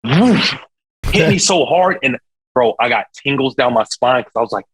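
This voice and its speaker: A young man, a singer, talking as a guest in a casual interview, telling a story in an animated, slangy way with sound effects. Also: mid-range voice, a little fast, a little hiss or hum, poor audio.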